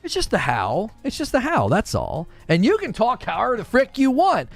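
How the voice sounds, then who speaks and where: A man's voice: extremely high pitch, huge pitch swings, normal speed, gravelly, soft background music. A man hosting a gaming commentary show, talking casually with his live chat and arguing his point animatedly, often restarting his sentences. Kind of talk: casual livestream talk, answering chat.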